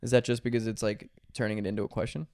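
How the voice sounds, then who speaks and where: A young man trades teasing, playful banter on a podcast. He talks quickly and keeps the tone loose and joking. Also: fairly low pitch, flat delivery, a little mellow, no room sound, studio quality. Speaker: podcast co-host. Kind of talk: casual podcast chat.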